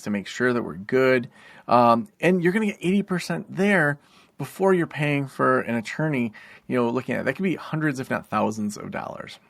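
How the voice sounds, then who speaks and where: A man's voice: mid-range voice, gravelly, fairly bright tone, no echo. A man hosting a solo podcast, explaining tips in a casual, rambling way with lots of fillers and asides. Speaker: podcast host and private practice consultant.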